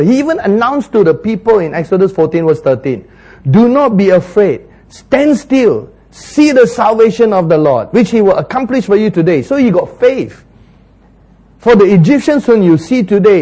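A man's voice: high voice, dark tone. A man preaching a sermon, laughing often and acting out biblical dialogue with sudden jumps in his voice.

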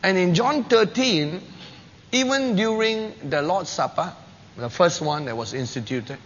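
A man delivers a sermon in a high, unhurried voice, acting out the quoted lines with bursts of energy. The recording is dull and lo-fi, with a long hall reverb and faint background noise. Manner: animated storytelling, acting out quotes with rising pitch and loudness. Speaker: preacher.

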